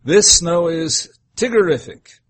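A man voicing a cheery, bouncy male tiger from a storybook, in a husky voice. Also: fairly high pitch, slow, voice pushed up. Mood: exuberant. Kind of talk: reading a storybook aloud.

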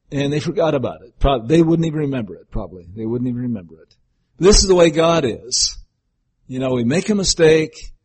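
A man's voice: medium pitch, husky. An older man preaching a folksy sermon, telling homely stories and sometimes acting out voices. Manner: folksy, storytelling, breaks into acted voices.

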